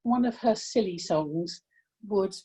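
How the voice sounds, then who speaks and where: An older woman from England shares family memories with warmth of feeling, pausing and restarting as she thinks. Her voice is mellow and slightly husky. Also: mid-range voice. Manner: reflective, heartfelt, with halting restarts. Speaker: guest. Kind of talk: personal storytelling.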